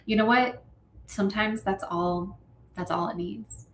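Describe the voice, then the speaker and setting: A chatty woman streamer talks in a lively, animated way, reading out viewer comments between quick asides. Her voice sits in a middling range. The sound has a noticeable roomy echo. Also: mid-range voice, background noise. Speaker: streamer hosting a writing session.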